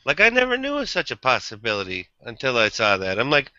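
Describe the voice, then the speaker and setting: A man's voice: mid-range voice, huge pitch swings, fast talker, few pauses, sharp tone, clean tone, dry recording, muffled recording. A man hosting a casual online chat show, easygoing and jokey. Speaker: host.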